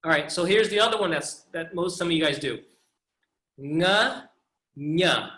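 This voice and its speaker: High, bright-voiced male teacher. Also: fast, reverberant. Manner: patient, demonstrating sounds repeatedly. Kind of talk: online pronunciation class. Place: video call.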